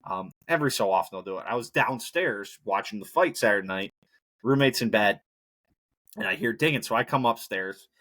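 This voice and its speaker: A man's voice: on the low side, lively intonation, fairly quick, a bit bright. A man hosting a solo podcast, rambling casually and breaking into profane rants. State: injured knee, hobbling. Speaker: podcast host.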